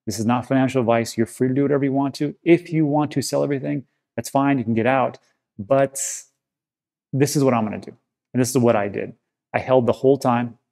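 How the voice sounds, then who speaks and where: A man talks straight to the camera as a crypto channel host, his voice gravelly with a mellow, dark tone. He stays conversational and reassuring, dropping frequent filler words as he goes. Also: medium pitch. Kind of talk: casual to-camera commentary.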